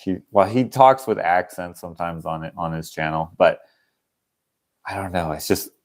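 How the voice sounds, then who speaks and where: A man's voice: deep voice, moderate pace. A young man hosting a casual livestream, rambling and chuckling as he acts out the people in his stories. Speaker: channel host.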